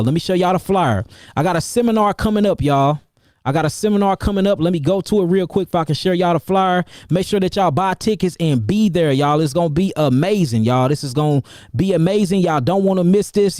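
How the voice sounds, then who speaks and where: High-voiced hype man doing livestream shout-outs. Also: no room sound, studio quality. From St. Louis, Missouri, USA. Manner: energetic, repetitive, slangy hype. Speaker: herbalist and seminar host.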